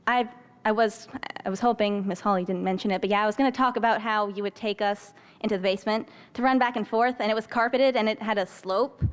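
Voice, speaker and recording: A teenage girl speaking quickly and earnestly, delivering a prepared tribute. She is articulate and sincere, with a voice at an ordinary pitch for a young woman. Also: clean tone. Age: late teens. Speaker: former student giving a tribute. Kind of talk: prepared farewell speech.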